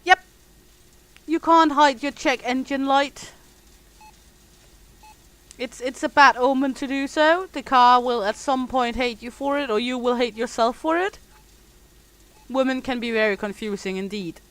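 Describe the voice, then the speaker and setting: Streaming a simulation game, this woman from Denmark chats and jokes with viewers, reading their messages aloud. Her voice sits high and steady, a little slow with frequent pauses, captured in a low-quality recording.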